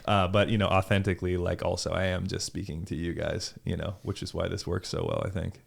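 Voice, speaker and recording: A young man from California with a Californian accent, talking casually as a podcast host, animated and full of fillers and swearing. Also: low voice, fairly quick, vocal fry, husky. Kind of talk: casual chat.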